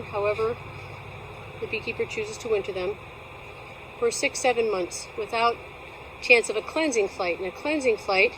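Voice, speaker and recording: A woman beekeeper talking at her hives outdoors in a chatty, playful vlog style, teasing herself as she goes. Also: mid-range voice. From Alaska. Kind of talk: casual outdoor how-to vlog. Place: outdoors at a bee yard. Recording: outdoor noise, passing vehicles.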